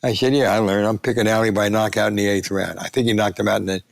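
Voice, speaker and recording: A man in his nineties, a guest sportswriter, telling animated anecdotes and acting out the voices of people he quotes. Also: on the low side, fast talker, gravelly. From United States. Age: 90s. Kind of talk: storytelling interview.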